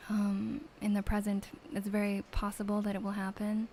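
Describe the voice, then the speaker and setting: A young woman reading tarot gently in a whispered role-play, soft and halting with many fillers. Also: medium pitch, monotone, slight background noise, low-quality recording. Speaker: ASMR streamer reading tarot.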